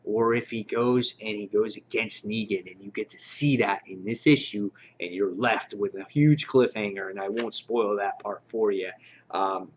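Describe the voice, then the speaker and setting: A man reviewing a comic book in a casual, rambling, excited way, full of fillers and quoted lines. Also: on the low side. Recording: dull lo-fi recording.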